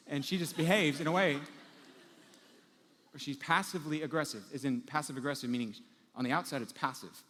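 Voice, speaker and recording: A man preaching a sermon as pastor, telling everyday scenes with lively acted-out moments. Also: a little high, fairly quick, in a large hall, slight background noise. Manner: animated storytelling, acting out everyday scenes.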